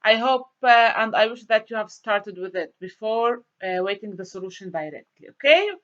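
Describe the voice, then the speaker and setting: A woman's voice: mid-range voice, expressive, moderate pace, fairly bright tone. A woman teacher going through a grammar worksheet and answering her own questions for the class. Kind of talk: grammar lesson walkthrough. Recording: dull lo-fi sound.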